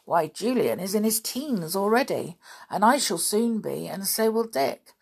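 A woman's voice: medium pitch, animated, unhurried, creaky, a little mellow, breathy edge, full character voice. A woman reading the part of a fierce, bold tomboy girl. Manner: fiery, possessive.

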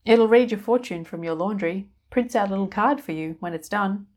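A woman's voice: mid-range voice, a little fast, darkish tone, pitched above the performer's own voice, natural voice. A woman voicing a grumpy laundromat owner who is awkward with people, speaking in a dry, matter-of-fact way.

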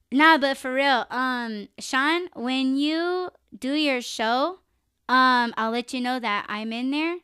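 A young woman hosts a live podcast in a relaxed, chatty way, with loose language and frequent laughs. Her voice sits a little high and sounds smooth and clear. The sound is close and dry. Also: no room sound. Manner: laid-back, swears freely, laughs often. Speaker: podcast host. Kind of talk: casual live-stream chat.

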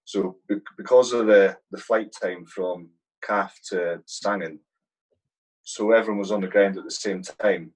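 A man's voice: sits low, steady tone, unhurried, slightly rough, poor audio. A man, an army sergeant, telling war stories in a casual interview, swearing constantly and saying "mate" a lot. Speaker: guest, army platoon sergeant.

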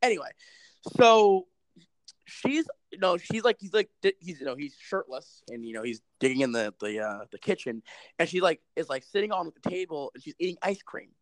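A man recapping a movie in casual chat, animated and sarcastic, with lots of swearing. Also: on the high side, normal speed, no echo, rough recording. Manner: animated, profane storytelling with sarcastic asides. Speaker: movie reviewer.

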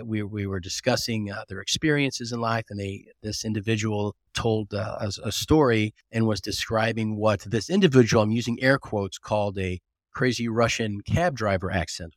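A man with a fairly low voice talks in a casual podcast interview, spinning animated stories with frequent restarts. The sound is dry and close, with no room around it. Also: normal speed, no echo. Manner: animated storyteller, lots of restarts and "you know". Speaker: guest, agribusiness recruiting consultant.

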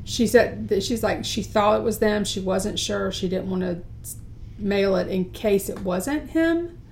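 Woman, american, casual book talk, chatty, fillers and restarts, middle pitch. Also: measured pace, a little mellow, a little hiss or hum. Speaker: book podcast co-host. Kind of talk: casual chat.

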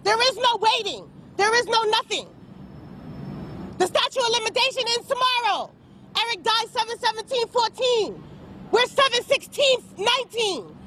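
A woman's voice: very high-pitched, animated, normal speed, noisy background. A woman giving an angry, impassioned statement outdoors, insistent and repeating her demands. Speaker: protester speaking to press.

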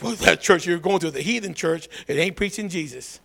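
A man preaching a lively call-and-response sermon, swinging from low asides to shouted calls for a response. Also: brisk, vocal fry.

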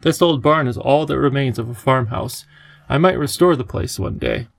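A man's voice: mid-range voice, normal speed, gravelly. Man voicing a cheerful, lecturing old professor. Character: kindly eccentric elderly male professor.

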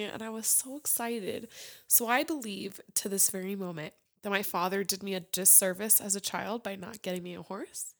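A woman's voice: medium pitch, moderate pace, gravelly. A young woman chatting casually among friends, telling long stories with lots of swearing. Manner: animated storyteller, swears freely. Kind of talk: casual chat.

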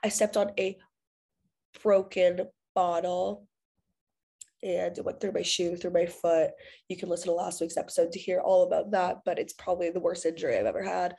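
A woman's voice: lowish voice, dark tone. A woman hosting her podcast in casual, self-deprecating chat while she has a cold, recorded without a proper microphone. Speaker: podcast host.

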